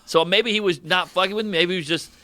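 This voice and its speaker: A male stand-up comedian telling a crude story on a podcast in a deadpan way, acting out the people in it. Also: sits high, fast talker, no echo. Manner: deadpan, crude, acts out the people in his stories.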